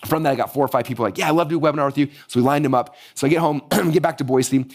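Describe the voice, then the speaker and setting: A man in his forties, teaching marketing through a fast, animated story and acting out the dialogue with a raised voice. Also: on the high side. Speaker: business coach teaching marketing. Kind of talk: energetic teaching monologue with storytelling.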